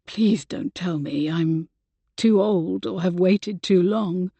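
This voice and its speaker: A woman voicing an earnest Regency gentleman who is no longer young, speaking softly and with heartfelt gentleness. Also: fairly low pitch, slow pace, dry recording, full character voice. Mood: husky pleading. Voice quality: soft and husky.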